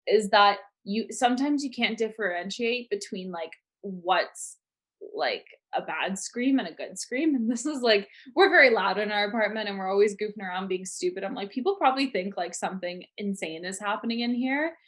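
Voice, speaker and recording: A woman's voice: mid-range voice, normal speed. Young woman rambling through a story. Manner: rambling, animated storytelling with many "like"s. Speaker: podcast co-host. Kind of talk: casual storytelling chat.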